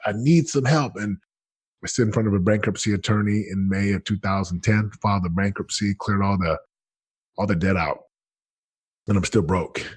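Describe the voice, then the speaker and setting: A man in his thirties telling his story as a podcast guest, earnest and animated, often acting out what he said. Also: fairly low pitch, slightly rough, no echo. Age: 30s. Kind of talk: candid storytelling.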